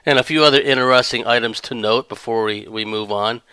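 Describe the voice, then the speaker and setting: A man's voice: medium pitch, steady tone, fairly quick, pushed and bright, clear, resonant tone, dry recording. A man hosting a rambling monologue commentary, sardonic in tone and often breaking into laughter. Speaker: podcast commentator.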